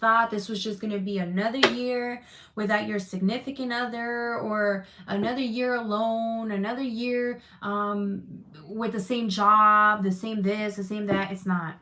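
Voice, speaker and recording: A woman's voice: medium pitch, steady tone, measured pace. A woman giving a live tarot reading to her chat, emphatic and reassuring, repeating phrases, swearing casually and getting emotional. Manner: emotional, close to tears at times. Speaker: tarot reader.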